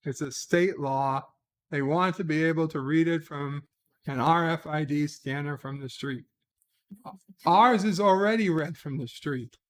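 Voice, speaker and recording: A man's voice: on the high side, measured pace. A man hosting a casual livestream, reading viewer comments aloud and answering each with short asides. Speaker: livestream host.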